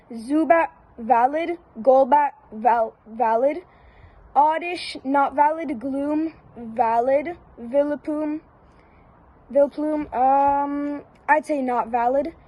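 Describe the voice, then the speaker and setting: A woman giving casual one-word verdicts down a long list, flat and repetitive with brief hesitations. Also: high voice, rough recording. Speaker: YouTuber.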